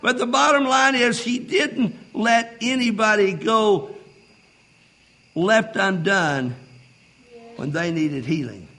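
A man preaching a sermon, reading old-style scripture and building to shouted fervor. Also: sits high, slow, long pauses, rough recording. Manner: reads King James scripture aloud.

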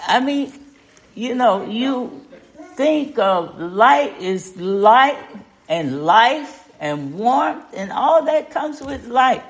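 A woman's voice: on the high side, lively intonation, extremely slow. An older woman leading an informal Bible study, talking in a folksy, conversational way and asking the group questions.

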